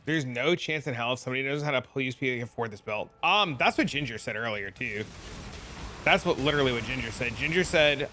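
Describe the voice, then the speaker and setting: A man's voice: mid-range voice, lively intonation, quick pace, bright, forceful tone, slight background noise. A man streaming a game and chatting casually, telling stories and mimicking his chat in repeated, raised voices.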